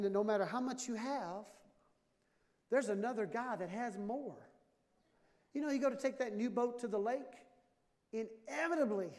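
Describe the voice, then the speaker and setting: A man in his fifties preaching a sermon with humor, animated and jokey, acting out little dialogues. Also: high-pitched. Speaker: pastor. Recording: long hall reverb.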